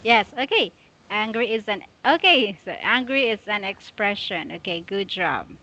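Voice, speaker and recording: A woman tutoring English one-on-one, patiently and slowly correcting a student's pronunciation. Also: mid-range voice, animated, sharp tone. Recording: dull lo-fi audio.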